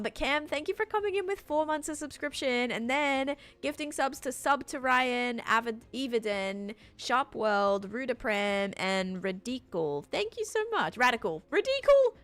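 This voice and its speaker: A woman's voice: a little high, fairly bright tone. A young Australian woman chatting casually on a game stream, reading out chat and thanking supporters.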